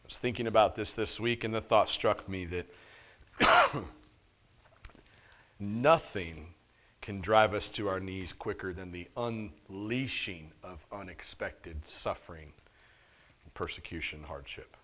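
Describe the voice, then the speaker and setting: A man pastor preaching a sermon in church, moving between loud, stressed points and quiet, low asides, with casual, joking street talk mixed into the preaching. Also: expressive, takes it slowly, long pauses. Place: church service.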